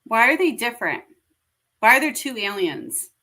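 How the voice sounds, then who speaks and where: A woman with a bright, fairly high voice that moves a lot, co-hosting a live talk stream. She teases and pushes back in quick, casual banter. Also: sing-song. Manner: teasing, objecting, quick to push back. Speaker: podcast co-host.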